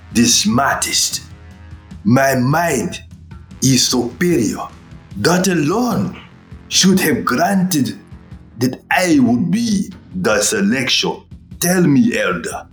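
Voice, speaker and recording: A man's voice: deep voice, fairly bright tone, full character voice. A man playing a proud clever young tribesman. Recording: roomy echo.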